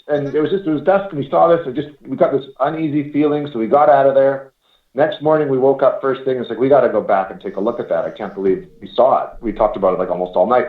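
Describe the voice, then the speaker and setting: A man in his forties from Canada, telling rambling stories in a casual chat and swearing now and then. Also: medium pitch. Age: 40s. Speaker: paranormal investigator guest. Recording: roomy, dull lo-fi call audio.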